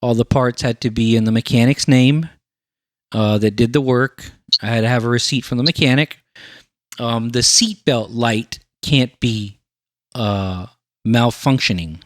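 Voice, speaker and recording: A man's voice: medium pitch, measured pace, dry recording. Male podcast host, casual storyteller, acts out quoted voices; dry, close sound.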